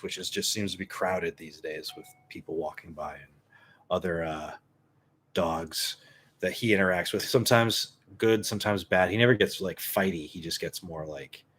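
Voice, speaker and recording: A man's voice: low-pitched, fairly bright tone. A man in his thirties telling a casual story in a rambling way, with lots of fillers and some swearing. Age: 30s. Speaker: vlogger.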